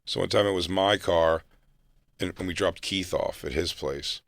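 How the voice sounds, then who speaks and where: Deep-voiced guy rambling thru a story on a podcast, swears a lot, dry close sound. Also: normal speed, gravelly, no echo. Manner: rambling, profane, laughs through stories. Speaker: podcast co-host. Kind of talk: casual storytelling chat.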